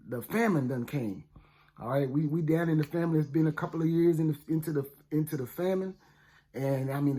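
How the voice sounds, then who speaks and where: Chatty man telling a Bible story. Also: on the high side. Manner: chatty, slangy, with many "you know what I'm saying" asides. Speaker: storyteller for a ministry. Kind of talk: casual first-person Bible storytelling.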